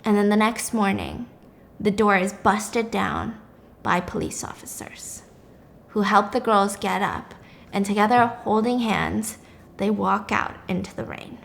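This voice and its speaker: A woman's voice: mid-range voice, lively intonation, measured pace, vocal fry, fairly bright tone, a little hiss or hum. A young woman vlogger narrating a story casually, with blunt, emphatic asides.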